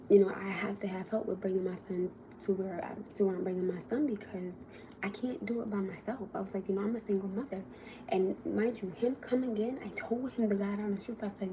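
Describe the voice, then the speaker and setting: Animated woman ranting on a livestream. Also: mid-range voice, a little hiss or hum. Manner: animated, quotes people, swears. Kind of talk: casual storytime rant.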